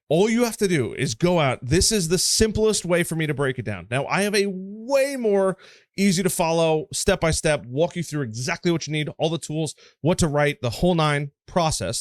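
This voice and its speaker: A man's voice: fairly high pitch, no echo, clean studio sound. Emphatic man walking through a tutorial. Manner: energetic, emphatic, casual with repeated "right?". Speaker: marketing coach. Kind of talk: screen-share tutorial.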